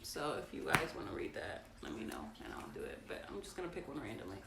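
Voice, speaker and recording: A woman's voice: rumbling low, huge pitch swings, fast talker, gravelly, heavy background noise. A woman, hosting a chatty, playful bedtime story reading for kids. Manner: chatty, playful, talks to her audience. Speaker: children's book reader. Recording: echoey room with faint ambience.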